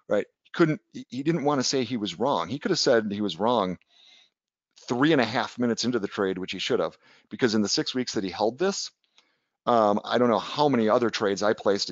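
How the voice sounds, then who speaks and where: A medium-pitched man is heard in a dry, muffled recording. In a laid-back webinar on trading, this educator talks conversationally, drops in anecdotes, and keeps asking "right?"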